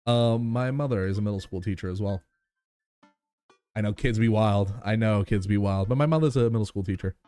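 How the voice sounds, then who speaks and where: A man's voice: fairly low pitch, brisk, mellow, no echo, soft background music. A man with a New York accent streaming a game live, chatting casually with his viewers, laughing and swearing easily.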